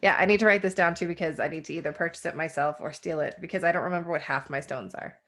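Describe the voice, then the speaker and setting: A woman co-hosting a casual podcast chat, chatty and quick to laugh. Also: low-pitched, fairly bright tone. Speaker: podcast co-host.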